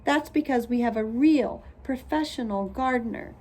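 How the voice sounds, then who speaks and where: A woman's voice: fairly high pitch, normal speed, darkish tone, natural voice. A woman voicing a spoiled, prissy rich first-grade girl who talks in a whiny, showy way in a storybook reading. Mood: boastful.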